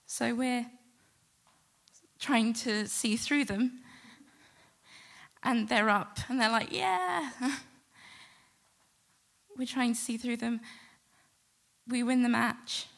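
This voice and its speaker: A middle-aged woman telling a personal story to a live audience, animated and acting out the quotes. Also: fairly high pitch, slow pace, creaky, pauses often. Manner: lively, animated retelling with acted-out quotes. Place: stage before a live audience.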